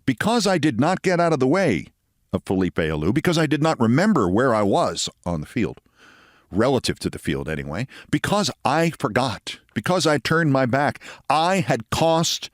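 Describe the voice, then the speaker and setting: Animated man telling a story. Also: medium pitch, normal speed, dry recording, clean studio sound. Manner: dramatic, emphatic storytelling with sudden loud bursts. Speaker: host telling a personal story. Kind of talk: monologue storytelling.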